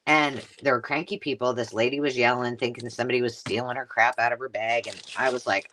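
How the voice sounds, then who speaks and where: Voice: medium pitch, fairly even intonation, fast talker, hardly any pauses, sharp tone, slight background noise. A craft host chatting casually on a live stream, rambling through stories and cutting off her own sentences as she unboxes finds at home. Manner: rambling, self-interrupting storyteller.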